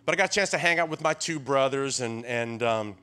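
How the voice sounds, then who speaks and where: This guest preacher is a man in his sixties with a Tennessee accent, speaking a little fast in a clear, resonant, medium-pitched voice over soft background music. He spins folksy tales, often restarting, and keeps the crowd going with spirited call-and-response.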